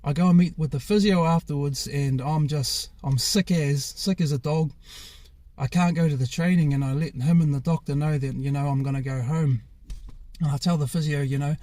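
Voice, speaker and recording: A young New Zealand man, once a rugby player, tells his own story frankly and casually, full of fillers, restarts and some swearing. His voice is a little high and a little fast, warm in tone, and the recording is dry.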